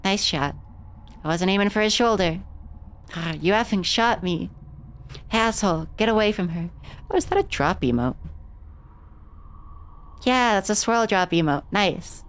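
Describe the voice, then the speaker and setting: A woman's voice: mid-range voice, expressive, unhurried, long pauses. A young woman streaming a game, casually reading its dialogue aloud and swearing freely.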